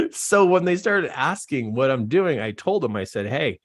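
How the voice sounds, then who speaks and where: A man coaching on self-help, telling his own story in a casual, animated way and acting out his astonished reactions. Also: a little high, measured pace. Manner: casual, says "like" and "man" often. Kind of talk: personal storytelling to camera.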